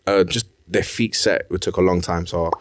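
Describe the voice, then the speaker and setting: A young man, chatting casually as a podcast guest, telling stories with stammered restarts. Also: sits low. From London, England. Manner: fast, animated storytelling with stammered restarts. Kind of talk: casual chat.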